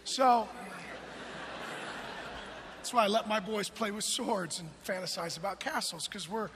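A man in his forties preaching a sermon, emphatic and swinging from loud calls to hushed storytelling. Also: high voice, measured pace, long reverb tail, noisy background. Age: 40s.

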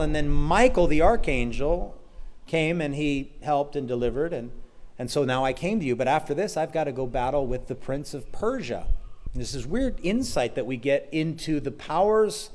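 A man preaching a sermon, emphatic, moving between loud declarations and quiet asides, with flashes of sarcasm. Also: fairly high pitch. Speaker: pastor.

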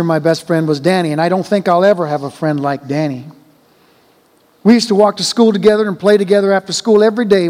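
A man reading a child's story aloud in a slow, gentle, measured way. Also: high voice. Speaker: reader. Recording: long hall reverb.

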